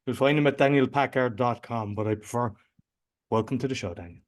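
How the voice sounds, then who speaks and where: A man's voice: mid-range voice, a little fast. Chatty Irish podcast host, man. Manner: chatty and rambling, loose informal phrasing. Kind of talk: casual interview chat.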